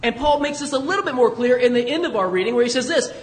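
A man from the United States preaching a sermon in a relaxed, conversational storytelling way, chuckling now and then. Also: very high voice, fast talker, in a large hall. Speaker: pastor.

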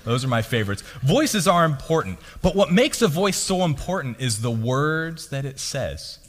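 A man preaching a sermon as pastor, his delivery swinging between loud and hushed. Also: on the high side, sing-song, moderate pace. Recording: long reverb of a hall.

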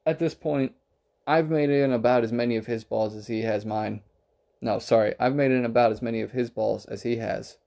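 A man's voice: medium pitch, fairly even intonation, normal speed, creaky, dark tone. A man casually telling a rambling, profane story about a bar night, acting out the quotes. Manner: profane, rambling anecdotal delivery with acted-out quotes.

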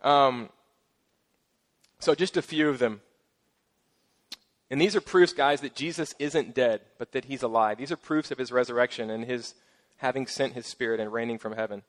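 A man's voice: mid-range voice, moderate pace, pauses often. Casual, joking middle-aged male pastor. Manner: casual, joking asides, lively emphasis. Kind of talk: sermon.

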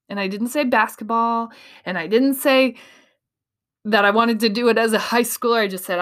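A woman's voice: a little high, moderate pace. A woman from Iowa giving an emphatic motivational talk as a speaker and coach. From Iowa, USA. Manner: animated, emphatic, acts out quoted voices.

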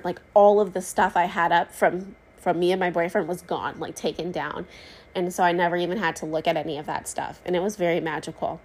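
A pregnant woman in her thirties hosting a casual talk show, telling a long story in a chatty, rambling way with many fillers and asides. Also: on the low side. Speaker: podcast host.

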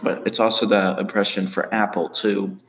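A man casually commenting on his own animated series, rambling with many fillers. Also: fairly low pitch, moderate pace, slight background noise.

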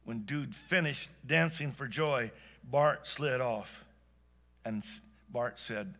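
A man telling a heartfelt story aloud, animated and swinging between hushed and excited delivery. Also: mid-range voice, slow. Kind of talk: expressive spoken storytelling.

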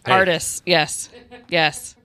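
A woman's voice: on the low side, steady tone, drawn-out words, bright, forceful tone, no echo. A woman hosting a casual group quiz, calling on each player in turn and reading out the clues. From Iowa. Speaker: quiz host.

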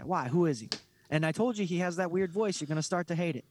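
A man's voice: high-pitched, quick pace, a little mellow, slight background noise. A man co-hosting a casual podcast chat, blunt and profane, ranting with strong opinions. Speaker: podcast co-host.

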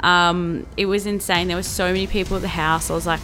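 A woman's voice: lowish voice, steady tone, a little fast, few pauses, bright, forceful tone, soft background music. A young Australian woman in her twenties telling a story in a casual vlog, chatty and profane, full of likes and laughing asides. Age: 20s.

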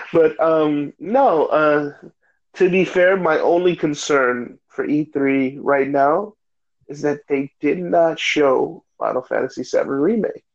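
A man's voice: on the high side, slow pace, vocal fry. Joking American man hosting a gaming chat, lo-fi. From United States. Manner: joking, hyped, tired late-night banter. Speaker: podcast host.

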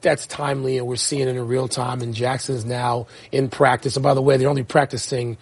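A man's voice: medium pitch, level tone, fairly quick, gravelly, slightly rough. A man in his sixties co-hosting a sports talk show, debating emphatically with laughing asides and reading segment introductions. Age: 60s.

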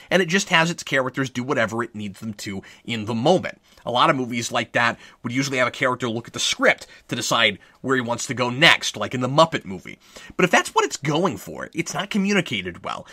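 A man's voice: mid-range voice, sharp tone, slightly rough, dry recording. A man reading a scripted movie review in a wry, sarcastic manner, close to the mic.

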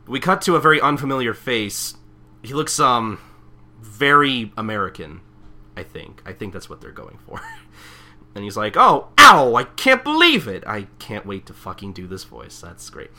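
A man co-hosting a podcast, recapping a manga chapter in a rambling, casual way with lots of fillers. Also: lowish voice. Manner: rambling, many fillers, lively. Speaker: podcast co-host.

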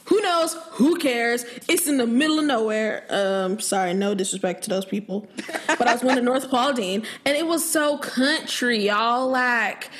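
A young American woman hosts a podcast in a loose, rambling chat, breaking into giggles often. Her voice sits a touch on the higher side. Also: moderate pace, a little hiss or hum. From United States. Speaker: podcast host. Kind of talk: casual chat.

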